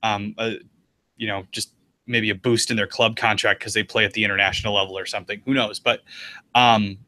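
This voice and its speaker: Rambling man with a bright, tense voice. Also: on the low side, flat delivery, fairly quick. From United States. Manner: rambling, loose, full of fillers. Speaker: podcast co-host. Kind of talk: casual sports chat.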